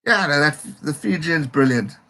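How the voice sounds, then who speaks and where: Gravelly excitable man hosting a live stream. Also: fairly high pitch, moderate pace. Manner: excitable, reads viewer comments aloud. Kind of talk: live match reaction stream.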